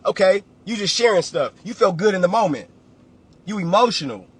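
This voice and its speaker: A man's voice: sits high, expressive, a little fast, slightly rough. A man, a real estate coach giving a blunt, preachy motivational talk on a livestream and repeating phrases for emphasis.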